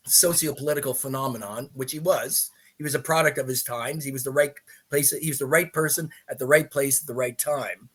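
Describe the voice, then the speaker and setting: A middle-aged man, a podcast guest, telling an animated story full of restarts and asides. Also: medium pitch. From Canada. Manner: lively, with many restarts and asides.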